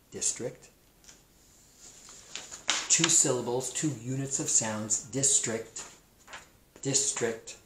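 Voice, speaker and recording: Male teacher with a Pacific Northwest American accent, slow and patient, repeats words for little kids; somewhat low voice, echoey room. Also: a little hiss or hum. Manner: slow, repeats new words for young children. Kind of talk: kindergarten-level explanatory lesson.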